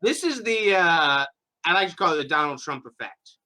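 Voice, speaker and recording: Guy hosting a podcast, kinda high and bright voice, swearing a lot, really fired up. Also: expressive, moderate pace. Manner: emphatic, profane ranting. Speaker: podcast host. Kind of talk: casual opinion chat.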